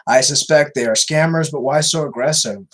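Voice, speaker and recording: A man's voice: fairly high pitch, normal speed, poor audio. A man who baits scammers, answering viewer questions in a chatty Q&A livestream, repeating himself with many fillers. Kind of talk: casual Q&A livestream.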